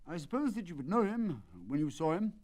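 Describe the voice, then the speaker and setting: Imperturbable detective, quiet and precise, lively pitch, read by a male narrator. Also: brisk. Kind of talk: dramatic audiobook reading.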